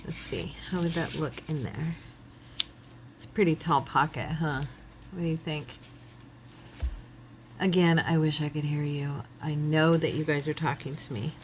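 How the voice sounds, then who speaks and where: A woman's voice: low-pitched, steady tone, unhurried, long pauses, slight background noise. A woman hosting a craft channel, chatting casually to her viewers and thinking aloud as she works, a little silly and self-deprecating. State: yawning, relaxed.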